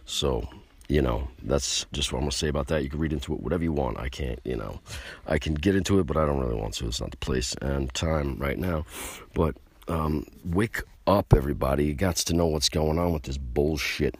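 Man with an extremely deep voice, husky, rambling profane vlog rant, emphatic. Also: a little fast, dry recording. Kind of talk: casual rant to camera.

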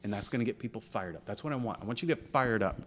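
A man's voice: fairly low pitch, expressive, racing, fairly bright tone, slight background noise. A man co-hosting a casual podcast chat, ranting heatedly and swearing freely as he argues his opinions. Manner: parent of a school-age child. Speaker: podcast co-host.

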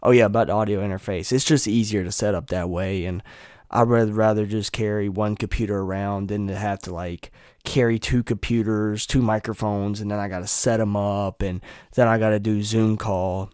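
A man's voice: on the low side, fairly even intonation, normal speed, darkish tone, clear, resonant tone, no echo, clean studio sound. A young man in a home room, chatting loosely to his viewers on a desktop mic and swearing freely. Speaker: vlogger. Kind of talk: casual rambling talk to viewers. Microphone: USB desktop mic.

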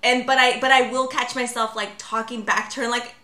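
A woman's voice: a little high, flat delivery, brisk, sharp tone, echoey room. A woman in her thirties co-hosting a podcast, chatting casually, rambling with fillers and laughing often. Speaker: podcast co-host. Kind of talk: casual chat.

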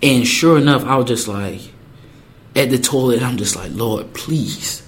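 A young man casually telling a personal story, acting out the quoted lines in lively voices. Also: medium pitch, normal speed. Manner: animated, acts out quotes with voices.

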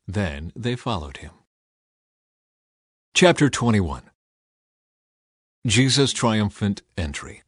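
A man giving an expressive, dramatized reading of scripture. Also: lowish voice, dry recording, clean studio sound. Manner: expressive reading with a lively rise and fall. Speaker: scripture reader.

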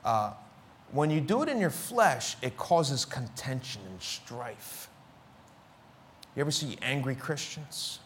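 Emphatic pastor, lively slow preaching. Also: male voice, mid-range voice, a little hiss or hum. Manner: emphatic rhetorical questions, repeating phrases. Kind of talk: sermon.

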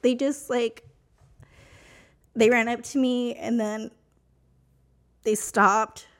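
A woman's voice: a little high, steady tone, slow pace. A woman from New Mexico, a podcast guest, telling a personal story in casual, emotional, rambling talk full of fillers.

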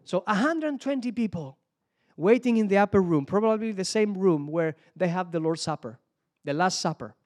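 Speaking at normal speed with lively intonation, a Spanish man delivers a sermon in his second language, English. His high, darkish voice carries a Spanish accent, and he frequently repeats words while hunting out loud for the right term.

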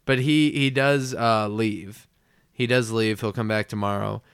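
Smooth-voiced man recapping a cartoon. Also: lowish voice, unhurried, no room sound, clean studio sound. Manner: relaxed, chatty, acts out quotes. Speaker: podcast host. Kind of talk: casual episode recap.

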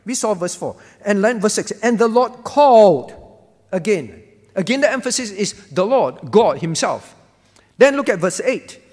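A man's voice: sits high, very animated, normal speed, husky, in a large hall. A man preaching a sermon as pastor, emphatic and repetitive, asking the congregation questions. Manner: emphatic, repeats key phrases, asks the congregation questions.

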